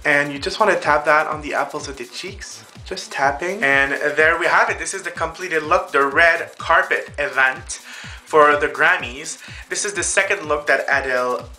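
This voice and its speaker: Chatty makeup vlogger, male, fairly high and bright voice, faint music underneath. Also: moderate pace. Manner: chatty, addresses viewers as girls and boys. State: out of breath. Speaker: makeup tutorial host. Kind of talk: casual makeup tutorial.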